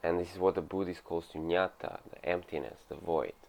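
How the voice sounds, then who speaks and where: A man's voice: deep voice, fairly even intonation, brisk, vocal fry, darkish tone. A man giving a casual spiritual talk about meditation, rambling loosely with lots of fillers and asides. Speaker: meditation teacher. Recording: narrow phone-like sound.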